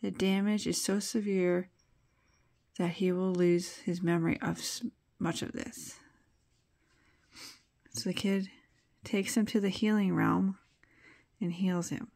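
A woman's voice: fairly low pitch, level tone, slow pace, gravelly, pauses often, a little mellow. A woman casually retelling a comic book's plot as a reviewer, chatting loosely with asides as she flips pages.

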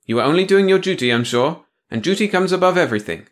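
A man voicing a prim, officious middle-aged woman bureaucrat in an audiobook reading, talking in a stiff, rule-quoting way. Her voice is pitched well above his own and is a little louder. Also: lively intonation, fast talker, lightly acted.

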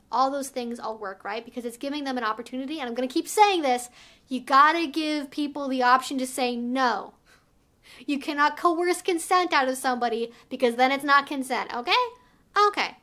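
A woman's voice: high voice, brisk, sharp tone. A woman giving frank, casual advice as a vlogger, emphatic and direct, peppering her talk with "like" and "right?". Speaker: sex educator vlogger.

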